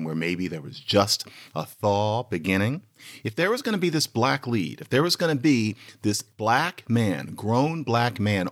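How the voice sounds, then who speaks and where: A podcast host in lively, chatty commentary, explaining a point to listeners. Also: male voice, lowish voice. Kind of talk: lecture-style commentary.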